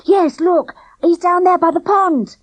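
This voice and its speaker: A woman's voice: very high voice, unhurried, dry recording, voice pushed up, low-quality recording. A woman reading a storybook, voicing a plump, clumsy young boy who whines and pleads. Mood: flustered. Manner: breathless, pleading, complaining.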